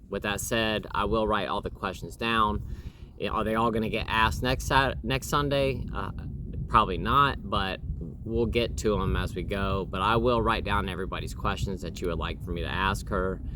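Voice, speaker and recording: A man's voice: deep voice, noisy background. A man in his thirties hosting a casual home interview with his wife, rambling with lots of fillers and restarts.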